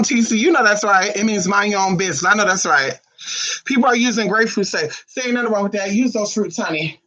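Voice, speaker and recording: A spiritual vlogger in casual chat with viewers, sassy, brash and profane, with sudden high outbursts. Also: a bit bright. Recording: distant, dull lo-fi sound.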